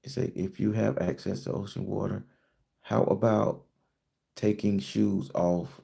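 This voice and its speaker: Man, casual folk-magic teaching, profane, storytelling, warm low tone. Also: steady tone, a little slow, gravelly. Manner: folksy and profane, acts out dialogue. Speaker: spiritual teacher and tarot reader. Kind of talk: casual live-stream teaching.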